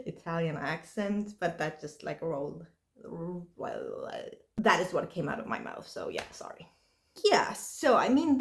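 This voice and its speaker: A woman reviewing horror movies in a casual, rambling way, full of likes and you-knows. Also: mid-range voice.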